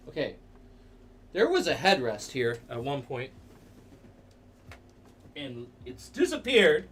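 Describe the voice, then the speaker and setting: Excitable man hosting a livestream. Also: on the high side, a little slow, pauses often. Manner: playful, excitable, jokey with sudden loud outbursts. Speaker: livestream host. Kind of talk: casual livestream chat. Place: seated at a computer in a dim room.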